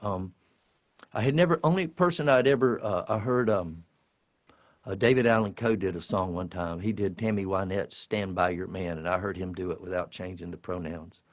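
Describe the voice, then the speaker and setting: A singer-songwriter chatting casually to a live audience between songs, rambling and restarting his sentences. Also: deep voice. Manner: rambling, halting, full of restarts. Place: live concert venue.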